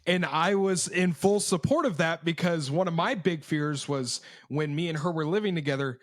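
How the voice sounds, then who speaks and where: A young man from co-hosting a podcast. He tells stories in an animated, profane way and acts out the quotes. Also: a little high, normal speed, no room sound, studio quality. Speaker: podcast co-host. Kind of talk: casual storytelling chat.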